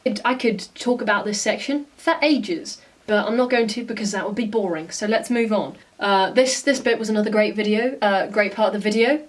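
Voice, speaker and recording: A woman's voice: mid-range voice, brisk, few pauses, far from the mic. A woman vlogger giving casual reaction commentary, blunt and exasperated, often swearing.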